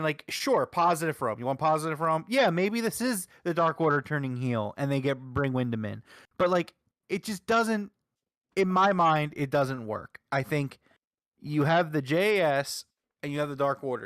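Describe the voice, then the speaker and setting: A man's voice: fairly high pitch, a bit bright, no echo. Man, co-host, argumentative, emphatic, casual chat, dry sound. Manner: emphatic, argumentative, heavy use of "like". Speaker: podcast co-host. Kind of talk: casual wrestling review chat.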